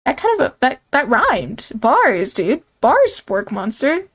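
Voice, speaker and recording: A woman's voice: high voice, huge pitch swings, slow, slightly rough. A woman streaming a game, reading its lines and reacting in a casual, self-mocking way. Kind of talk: game commentary reading dialogue.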